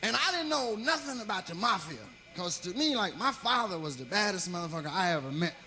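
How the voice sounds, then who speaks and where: A male stand-up comedian telling a story in a profane, animated way, swinging between loud and quiet. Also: sits high, fairly quick.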